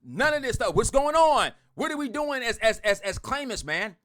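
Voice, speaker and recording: A man ranting bluntly to his online group, swearing a lot, repeating himself and swinging from loud outbursts to muttering. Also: very high-pitched, very animated, moderate pace. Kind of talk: heated profane rant to followers.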